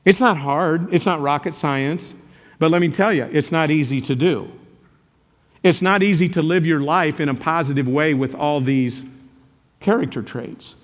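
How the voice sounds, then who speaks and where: A man's voice: a little high, moderate pace. Older man with a reverberant hall sound. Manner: animated storytelling, joking, sudden loud outbursts. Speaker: character education teacher and speaker. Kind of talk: motivational talk to a live audience.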